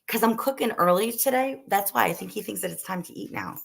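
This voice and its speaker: Cooking in her home kitchen, a livestream host chats with viewers and her dogs amid barking, still coughing a little. Her medium-pitched voice is expressive, brisk and creaky.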